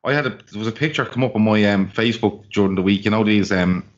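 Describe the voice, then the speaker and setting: Talking fast in a fairly low voice, this football podcast co-host delivers blunt rants full of swearing. It's casual banter, recorded over a dull, lo-fi call.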